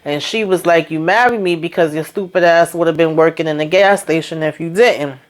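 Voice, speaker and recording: A woman with a slightly low voice recaps a TV drama in a chatty, casual way. She acts out the characters' lines in quick quoted voices and keeps breaking off for her own asides. A slight cold sits in her voice. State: coming down with a cold. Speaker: TV recap host.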